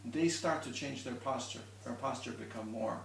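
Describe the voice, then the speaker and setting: In a roomy recording captured from afar with slight background noise, a violin teacher gives one-on-one instruction. His mid-range voice is creaky and a bit bright at a normal speed, and he patiently explains, showing and restarting along the way.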